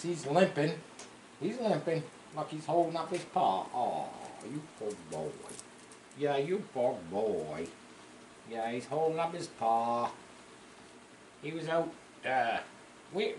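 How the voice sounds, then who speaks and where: A man's voice: fairly high pitch, a bit bright. Rambling man in an echoey garage. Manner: rambling, filler-heavy, chatty. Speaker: car builder hosting his workshop channel. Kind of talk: casual workshop vlog. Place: home garage with a wood stove. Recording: echoey garage with faint background noise.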